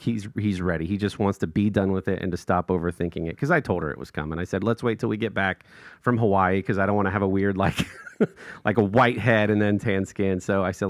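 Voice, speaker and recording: On a clean studio recording with no echo, a man co-hosting a podcast speaks in a lowish voice at a slightly fast clip. He's animated as he tells a casual story, laughing often and performing quotes in raised voices.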